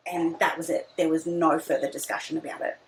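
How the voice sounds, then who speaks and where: Hesitant woman, low gravelly voice. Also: fairly even intonation, fairly quick, a little hiss or hum, poor audio. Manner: hesitant, many ums and restarts. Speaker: podcast guest. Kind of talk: personal birth story in casual chat.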